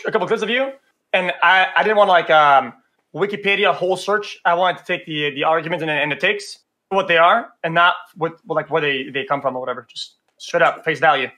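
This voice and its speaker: A man hosting a livestream debate, talking in a casual, excitable way. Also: a little high. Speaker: streamer and debate host. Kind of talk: livestream chat.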